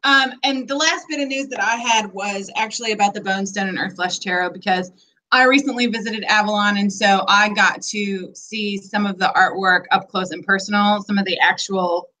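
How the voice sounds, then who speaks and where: A woman's voice: medium pitch, normal speed, pushed and bright, rough recording. A woman co-hosting a casual podcast chat, talking enthusiastically with frequent ums. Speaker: podcast co-host.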